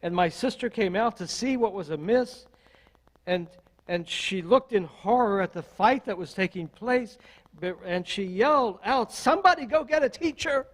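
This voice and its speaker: Older man, minister, sermon, deliberate rhetorical delivery, high-pitched, slow. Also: low-quality recording. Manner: measured, deliberate preaching with repeated rhetorical questions. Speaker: associate minister.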